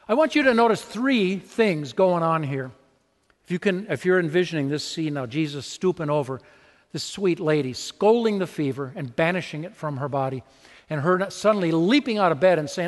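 Male pastor, slightly high voice, lively and conversational sermon delivery, long church reverb. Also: moderate pace. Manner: conversational and animated, acting out little scenes.

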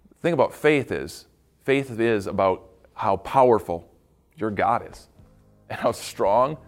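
A man speaking as a pastor, giving a devotional talk for children and adults in an animated storytelling way, often repeating words and adding playful asides. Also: on the low side, measured pace, soft background music.

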